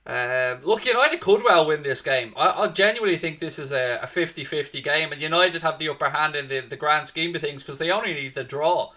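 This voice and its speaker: A man with a bright, tense-edged voice hosts a live football watchalong, talking in a loose, chatty way. He greets viewers by name and keeps calling them mate and folks. His speaking voice sits a little high for a man. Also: a little fast, few pauses. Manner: addresses listeners as mate and folks. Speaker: host of a football watchalong stream. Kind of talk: live casual match-preview chat.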